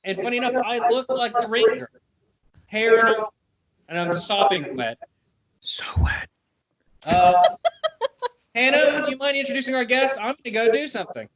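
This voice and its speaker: A man's voice: extremely high pitch, brisk, a bit bright, highs cut off. Goofy man hosting a podcast. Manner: goofy, jokey storytelling. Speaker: podcast host. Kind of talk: casual comedic chat.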